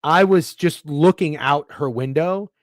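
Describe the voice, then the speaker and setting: A man's voice: on the high side, a little slow, no room sound, studio quality. A man co-hosting a casual sports betting chat, rambling and swearing freely. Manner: profane, animated, rambling. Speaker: podcast co-host.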